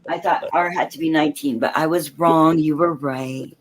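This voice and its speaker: A woman's voice: deep voice, steady tone, normal speed. A woman in her fifties in casual chat, joking and easily flustered, stumbling over restarts. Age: 50s. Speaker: friend in a group chat.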